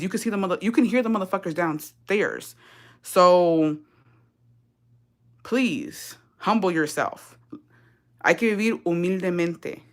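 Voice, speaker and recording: A live-stream vlogger rants heatedly, swearing and sarcastic, moving back and forth between Spanish and English. She has a fairly low, slightly bright voice.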